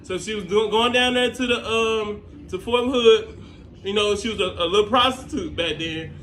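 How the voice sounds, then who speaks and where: Picture a young man with a noticeably high voice, rambling through his story in a casual, halting way and leaning on plenty of ums. The sound is roomy, with a faint hiss of background noise under it. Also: a bit bright. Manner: rambling, halting, many fillers. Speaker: scholarship applicant. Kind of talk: casual to-camera talk.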